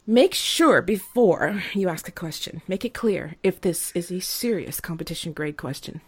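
A woman hosts a comedy podcast game with a lively, swooping voice. She jokes and giggles between her lines and keeps the chat playful and loose. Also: lowish voice, normal speed, slightly rough, dry recording. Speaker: quiz host.

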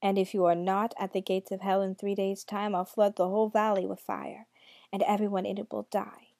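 A woman's voice: mid-range voice, flat delivery, a little fast, creaky, mellow, dry recording, lightly acted. Woman putting on a smug, sneering devil. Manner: cool and mocking.

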